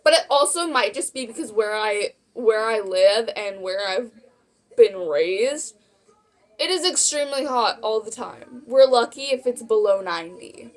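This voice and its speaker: A woman's voice: a little high, expressive, a little slow. A young woman vlogging a casual Q&A, bubbly and rambling, often giggling at her own jokes. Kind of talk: casual Q&A chat.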